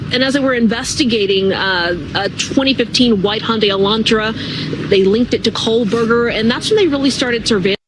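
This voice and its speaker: Woman reporter, higher voice, brisk news delivery, clear street noise behind. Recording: played clip with clear background noise.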